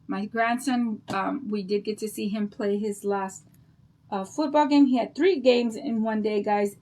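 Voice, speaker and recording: A woman's voice: medium pitch, unhurried, a little mellow. An older woman hosting a craft livestream, chatting to her viewers in a bubbly, rambling storytelling way.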